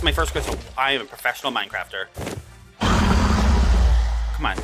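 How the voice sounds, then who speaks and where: Animated, excitable gameplay commentator. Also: mid-range voice, unhurried, pauses often, over loud music. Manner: chatty and excitable, jumps between nervous muttering and loud outbursts; talks straight to viewers. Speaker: gaming video creator.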